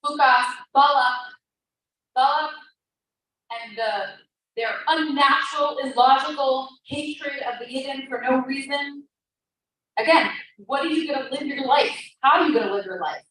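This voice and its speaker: A woman with a high, bright voice delivers an impassioned inspirational talk, leaning hard on repeated phrases. Her voice rings through a very echoey room, picked up from well off the mic with a faint hiss behind. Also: measured pace, recorded from a distance. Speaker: speaker at a women's event.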